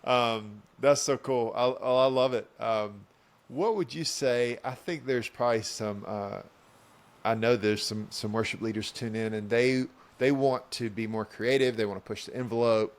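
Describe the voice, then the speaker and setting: A man's voice: medium pitch, steady tone, normal speed. A man hosting a podcast interview, reacting with affirmation and laughing along with his guest. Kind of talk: conversational interview.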